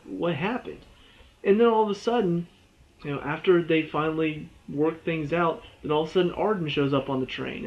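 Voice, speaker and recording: Male game reviewer, a bit high-pitched, exasperated casual rambler, muffled recording. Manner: rambling, exasperated, with many "you know" and "all of a sudden".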